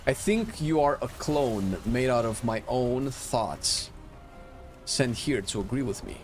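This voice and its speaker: A man's voice: mid-range voice, lively intonation, takes it slowly, soft background music. A man streaming a game, chatting casually, joking and thinking aloud as he plays. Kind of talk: casual gameplay commentary.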